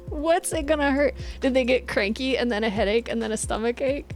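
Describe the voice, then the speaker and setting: A woman's voice: sits high, normal speed, faint music behind. A young woman streaming live, chatting casually with her viewers in a bossy, laughing way and acting out what people say. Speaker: Twitch streamer.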